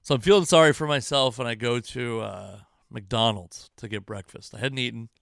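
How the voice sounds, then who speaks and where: A man in the middle of a frustrated, swear-filled ramble, hosting his own podcast from home. His voice is smooth and resonant at an ordinary pitch. It is recorded close to the mic in a dry room with no echo. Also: normal speed, fairly bright tone. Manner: exasperated, profane, rambling. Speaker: comedian and podcast host. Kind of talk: casual self-deprecating monologue.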